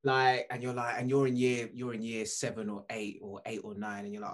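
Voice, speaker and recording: A man with a mid-range voice chats animatedly and excitably in casual conversation. Faint background noise sits under his voice. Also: mid-range voice, brisk, few pauses. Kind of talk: casual chat.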